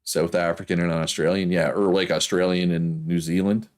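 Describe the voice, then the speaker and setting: Gaming streamer, male, deep Prince Edward Island accent, loose rambling chat with laughs. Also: flat delivery, normal speed. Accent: Prince Edward Island, Canadian East Coast. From Prince Edward Island, Canada. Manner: rambling, chatty, laughs often. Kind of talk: casual chat while playing a game.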